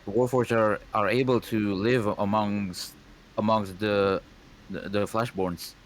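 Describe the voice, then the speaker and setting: A man's voice: fairly low pitch, fairly even intonation, measured pace, a little hiss or hum, natural voice. A man voicing a nervous male Warforged companion who stammers and pleads.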